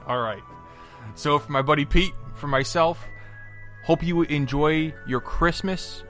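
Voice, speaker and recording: A man's voice: fairly high pitch, measured pace, a bit bright, soft background music. A man co-hosting a podcast in casual, jokey banter, rattling off lists with playful humor. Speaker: podcast co-host. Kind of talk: casual chat.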